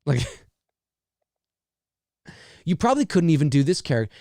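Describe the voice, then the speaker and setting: A middle-aged man chatting his way through a live movie commentary, his voice sitting a little high for a man. The sound is dry and close, with no room around it. He laughs often and trails off mid-thought before starting again. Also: sing-song, moderate pace, dark tone, no room sound.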